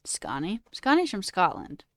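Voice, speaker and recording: A woman's voice: fairly low pitch, wildly swooping pitch, unhurried, fairly bright tone, no room sound, studio quality. A woman streamer in casual, playful live chat, musing aloud and answering her viewers. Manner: playful and chatty, musing aloud over word sounds. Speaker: livestreamer.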